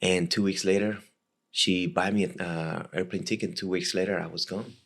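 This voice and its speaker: A man in his thirties from Costa Rica with a Spanish accent, telling a personal story as an interview guest in halting, repetitive speech. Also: low voice, steady tone, fairly bright tone. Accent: Costa Rican Spanish. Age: 30s. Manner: halting, repeats and restarts words often. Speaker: guest, former legionnaire.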